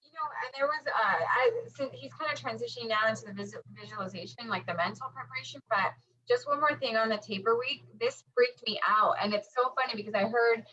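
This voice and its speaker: Animated woman chatting about running. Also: on the high side, quick pace. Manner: animated, acts out quotes, many fillers. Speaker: running podcast co-host. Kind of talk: casual chat. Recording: dull lo-fi audio.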